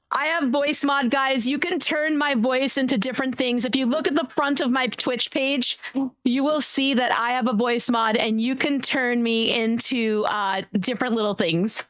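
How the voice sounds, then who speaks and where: A woman streamer chatting casually with her viewers, greeting them warmly by name and swearing now and then. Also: high voice, steady tone, measured pace, no echo. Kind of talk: casual live-stream chat.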